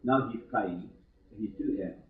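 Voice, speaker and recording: A middle-aged man giving a spiritual talk to students, halting and full of fillers, with sudden emphatic stresses. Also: on the low side, a little hiss or hum. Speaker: yoga teacher giving a talk. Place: ashram hall. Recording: old archive tape, echoey hall, tinny thin sound.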